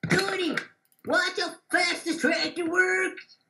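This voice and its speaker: A woman's voice: very high voice, steady tone, slow pace, sharp tone, recorded from a distance, heavily acted. A woman putting on a hollering hillbilly boy. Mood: bragging. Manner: hollering, drawling catchphrases. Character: loud rowdy hillbilly country boy. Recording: roomy echo.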